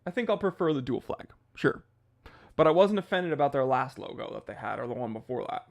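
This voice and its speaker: An American man hosting a casual livestream about watches, reading chat aloud and riffing, with a chatty and animated manner. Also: medium pitch, brisk. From United States. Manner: chatty and animated, jumps into goofy impressions of people. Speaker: watch channel host reading live chat.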